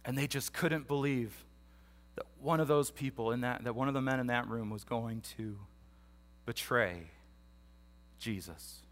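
A man's voice: mid-range voice, a little slow, pauses often. A man teaching a Bible passage in a casual, conversational sermon, animatedly acting out the disciples' voices in his retelling. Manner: casual, animated storytelling that acts out the disciples' voices, with repeated restarts. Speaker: pastor.

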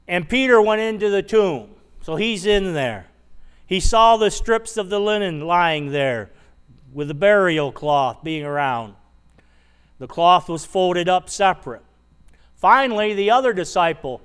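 A man's voice: high voice, a bit bright, clear, resonant tone. A man preaching a sermon, retelling a scripture passage conversationally and asking the congregation rhetorical questions. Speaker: pastor.

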